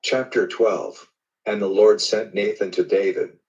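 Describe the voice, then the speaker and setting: Man, scripture reading, low voice, steady and measured, off-mic, muffled lo-fi sound. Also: far from the mic. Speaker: Bible reader.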